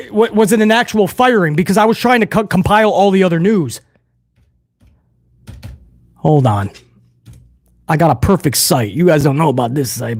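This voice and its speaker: Hosting a wrestling news channel, a man gives his viewers casual, opinionated commentary, addressing them bluntly as "guys." His voice leans high and a little mellow, recorded with studio quality and no echo.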